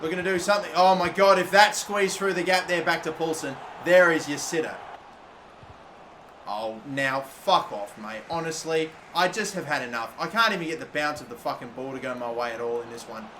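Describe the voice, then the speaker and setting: Young Aussie guy, high voice, frustrated, cursing gameplay commentary, faint hiss behind. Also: fairly quick. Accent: Australian. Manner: exasperated, swearing, animated outbursts. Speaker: gaming YouTuber.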